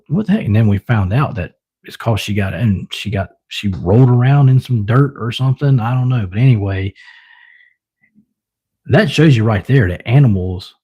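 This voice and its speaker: A man's voice: on the low side, darkish tone, breathy edge. A man livestreaming, casually telling a rambling story, chuckling often and mimicking his pets.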